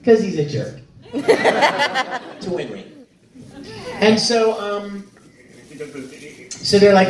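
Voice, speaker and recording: A middle-aged man telling lively stories at a convention panel, laughing often and acting out quotes in high voices. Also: extremely slow, pauses often. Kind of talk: storytelling to a live audience. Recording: echoey hall from far off, faint noise.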